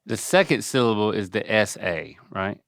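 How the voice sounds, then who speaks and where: A man's voice: on the low side, expressive, normal speed, creaky, fairly bright tone. A man hosting a casual podcast, playfully quizzing and coaching his father on pronunciation. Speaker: podcast host.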